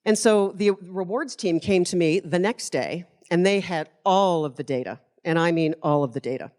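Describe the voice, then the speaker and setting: A woman's voice: lowish voice, darkish tone. A middle-aged woman, giving a conference keynote speech and telling stories in a passionate, emphatic way. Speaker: keynote speaker.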